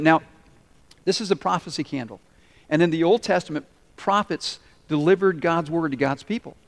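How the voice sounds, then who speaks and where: A man pastor preaching a sermon, slowing for emphasis and acting out the quoted voices of the story. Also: a little high. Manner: dramatic pauses and voiced quotes. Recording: long hall reverb.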